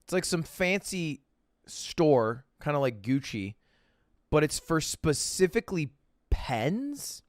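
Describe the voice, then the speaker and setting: A man's voice: a little high, very animated, slow pace, no room sound, clean studio sound. A young man streaming and chatting casually with viewers, telling a story and acting out the voices of the people in it. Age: young adult.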